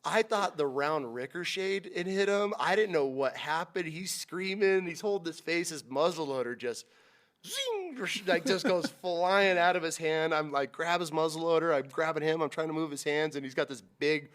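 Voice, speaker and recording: Animated storytelling hunting guide, a man. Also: normal speed. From Utah. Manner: animated, swearing, acts out quotes with big pitch jumps and whispers. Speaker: hunting guide, podcast guest. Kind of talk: casual storytelling.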